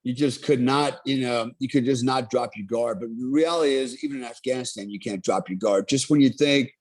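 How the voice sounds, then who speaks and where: A man's voice: mid-range voice, fairly quick. Rambling middle-aged veteran man. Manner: rambling, many fillers, earnest. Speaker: military veteran guest. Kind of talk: casual interview storytelling.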